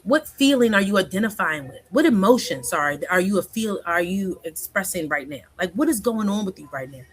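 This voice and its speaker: This woman in her forties is a counselor appearing as a guest in a casual interview. Her medium-pitched voice is slightly rough, and she chats easily, keeps asking "right?", and acts out quoted speech.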